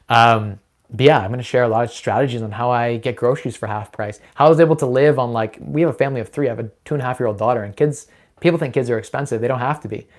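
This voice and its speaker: A young man hosting a casual live Q&A stream, talking upbeat and persuasive with frequent fillers and restarts. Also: mid-range voice. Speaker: host of a live Q&A on personal finance.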